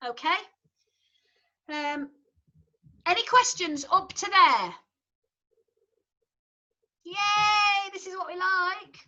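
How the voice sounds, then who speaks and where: A woman's voice: very high voice, very slow, long pauses, bright, forceful tone, lo-fi sound. A woman with a Yorkshire accent, a choir leader explaining a song to her singers in a chatty, encouraging way. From Yorkshire, England. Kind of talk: online rehearsal instruction.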